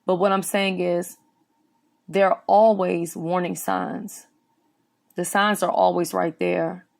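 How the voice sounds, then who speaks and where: A woman's voice: on the low side, little pitch movement, slow, creaky. A woman giving earnest, serious spoken commentary on a news story as an online commentator.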